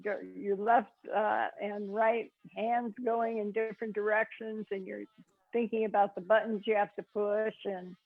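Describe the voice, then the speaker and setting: A woman hosts a casual interview, chatting in an encouraging, enthusiastic way. Her voice sits at a middle pitch. The recording sounds dull and lo-fi. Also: flat delivery, a little slow, vocal fry. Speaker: host.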